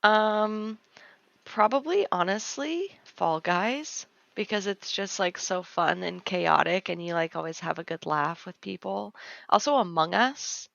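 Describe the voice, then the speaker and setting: Low, fry-heavy woman co-host, rambly chat, muffled lo-fi sound. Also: animated, measured pace, fairly bright tone, no echo. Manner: rambling, heavy use of "like" fillers. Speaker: podcast co-host. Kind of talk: casual chat. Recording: dull, lo-fi mic.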